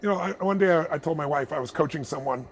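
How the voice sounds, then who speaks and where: A man, a motivational speaker, answering interview questions with animated, laughing stories. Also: on the high side. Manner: animated, fast, laughing storyteller.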